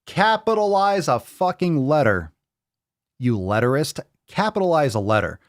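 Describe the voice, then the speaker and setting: Male host, mocking live-stream rant, swears a lot, very animated pitch, dry close sound. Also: normal speed, no echo. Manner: sarcastic, profane, mocking. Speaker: podcast host.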